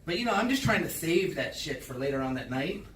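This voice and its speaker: Crude stand-up comic in an echoey club. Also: male voice, on the high side, big pitch swings, brisk, recorded from a distance, background noise. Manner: crude, profane storytelling; acts out his own reactions in loud bursts. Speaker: stand-up comedian. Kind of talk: stand-up set. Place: small comedy club stage. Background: audience laughter.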